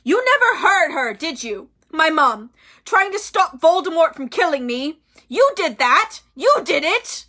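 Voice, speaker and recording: A woman voicing a furious teenage boy wizard, shouting with a shaking voice. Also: extremely high pitch, very animated, a little slow, pitched above the performer's own voice, exaggerated voice.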